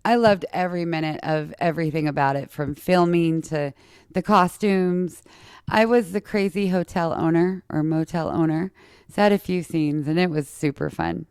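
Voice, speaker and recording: A woman from Utah with a slight lisp tells personal stories in a casual, chatty way, talking straight to her listeners. Her voice sits a little low and has a gravelly fry, yet it comes across smooth and resonant. The sound is close and dry. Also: moderate pace, a little mellow, no room sound. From Utah, USA. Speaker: podcast host.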